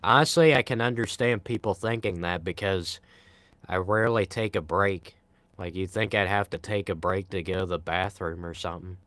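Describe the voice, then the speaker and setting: A man's voice: low-pitched, steady tone, moderate pace, a bit bright, dry recording. A young man from Pennsylvania with a Pennsylvania accent, rambling casually on a live stream and reading the chat aloud. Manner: rambling, self-deprecating, reads chat aloud.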